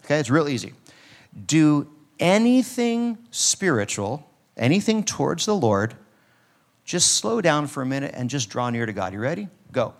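A man preaching a sermon in a church service, talking in a casual, animated way and acting out quoted lines. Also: a little high, normal speed, vocal fry. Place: church sanctuary.

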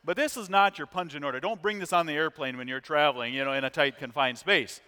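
A middle-aged American man, a visiting missions preacher, delivers a sermon in a church sanctuary, telling stories in a lively, conversational way and posing questions to the congregation. His voice is a little high, fast, and smooth, and the large hall gives the recording a long reverb.

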